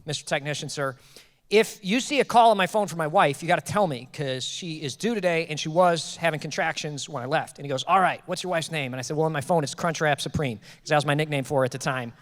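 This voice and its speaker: Man, pastor, high voice, fast, animated storytelling sermon, long hall reverb. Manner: animated, joking, quotes people in raised voices. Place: church auditorium.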